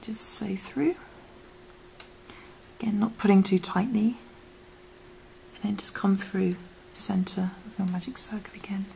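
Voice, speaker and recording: A woman gently talking a beginner through a crochet project, her voice slipping in and out of a whisper. Her tone has a gravelly edge and sounds a little worn out, with a faint hiss of noise underneath. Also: mid-range voice, fairly even intonation, moderate pace, low-quality recording. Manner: soft, half-whispered instructions while working. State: losing her voice. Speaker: crochet teacher. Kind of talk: step-by-step craft tutorial.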